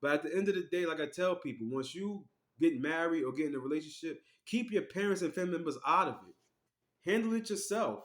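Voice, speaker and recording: A man giving casual, animated storytelling commentary as an online vlogger. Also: fairly high pitch, brisk, reverberant. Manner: animated, acts out quoted voices.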